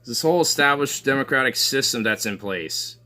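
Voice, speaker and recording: A man's voice: mid-range voice, lively intonation, a little fast, pushed and bright. Profane rambling man ranting politics. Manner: profane, rambling, heavy filler words; sarcastic, scoffing laughs.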